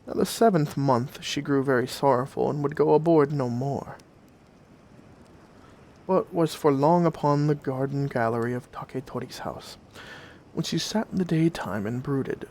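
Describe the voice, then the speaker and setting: A man narrating old folk tales in a gentle, old-fashioned fireside storytelling manner. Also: medium pitch, moderate pace.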